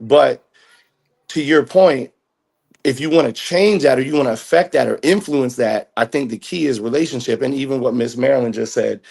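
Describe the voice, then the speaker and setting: A man's voice: mid-range voice, moderate pace, gravelly, darkish tone, breathy edge. A man in casual chat, talking thoughtfully and hedging his points. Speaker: guest.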